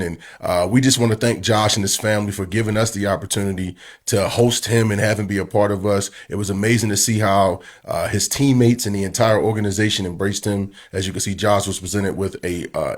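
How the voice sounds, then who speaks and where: A man who is vice president of a youth football organization, chatting as a studio guest in an upbeat, promotional way with light jokes. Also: on the low side. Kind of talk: casual sports show chat.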